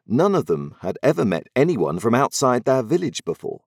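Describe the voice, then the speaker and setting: A man narrating a story aloud in an expressive, dramatic storytelling manner. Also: mid-range voice, normal speed, vocal fry, husky, dry recording, studio quality.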